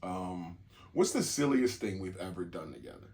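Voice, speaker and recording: Very deep-voiced laid-back man. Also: expressive, moderate pace, a little mellow. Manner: laid-back, laughs often, repeats himself. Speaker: podcast co-host. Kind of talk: casual couple chat.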